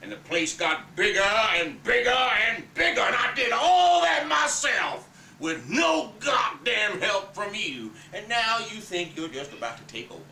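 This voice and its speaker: A man's voice: high voice, big pitch swings, moderate pace, few pauses, sharp tone, heavily acted. A man voicing a domineering old Southern plantation patriarch who bellows, curses and lays down the law. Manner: bellowing, cursing, commanding. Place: family home. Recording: roomy, distant home video.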